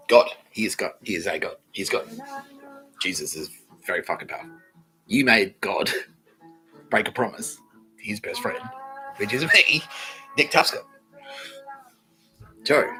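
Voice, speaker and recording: Talking alone on his podcast, an Australian man rambles, swears and repeats himself. His voice is fairly low, pushed and bright, and the recording quality is poor.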